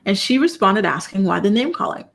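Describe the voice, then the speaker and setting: A woman hosting a casual live-stream commentary, talking straight to her viewers. She sounds incredulous and animated, with frequent "you know" and "y'all". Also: mid-range voice, fairly quick, vocal fry. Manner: incredulous, animated, reacts to chat. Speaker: commentary channel host.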